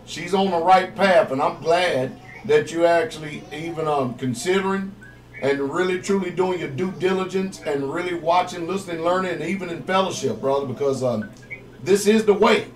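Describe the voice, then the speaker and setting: A man's voice: on the high side, moderate pace, recorded from a distance. A man hosting a call-in radio ministry as pastor, speaking with a fervent preacher's cadence.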